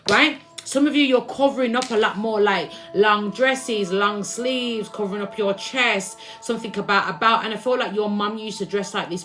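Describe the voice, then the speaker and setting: A woman's voice: medium pitch, fairly bright tone. A woman giving a casual, rambling live tarot reading to her viewers, repeating herself and restarting her words as she goes. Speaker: tarot reader.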